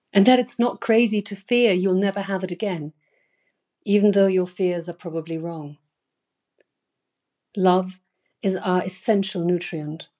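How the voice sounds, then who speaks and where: Female newsletter host reading aloud at home; slow, earnest, leaning hard on key words. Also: fairly low pitch, warm tone. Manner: earnest, emphatic reading with sudden stressed words. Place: bedroom.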